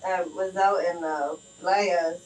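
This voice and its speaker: A woman's voice: fairly low pitch, slow, a little hiss or hum. Woman telling wild stories, mic far off. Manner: animated storyteller, lots of "like" and laughing asides. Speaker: client chatting during tattoo. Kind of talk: casual chat, storytelling.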